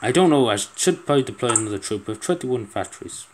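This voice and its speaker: A man's voice: mid-range voice, expressive, fast talker, noisy background. A man giving casual let's-play commentary, exasperated and pleading, swearing often as things go wrong. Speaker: gameplay commentator.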